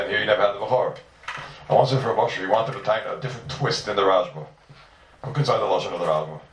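A man's voice: on the low side, slight background noise. A man giving a sing-song Talmud class, stressing key words as he explains. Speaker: Talmud teacher. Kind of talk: yeshiva-style Talmud lecture. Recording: roomy, from far off.

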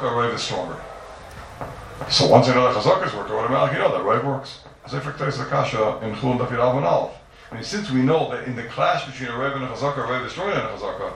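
A man teaching a Talmud lecture, arguing a point quickly and emphatically, repeating words and asking himself rhetorical questions. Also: medium pitch, creaky, a bit bright. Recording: very echoey room, distant mic, faint background noise.

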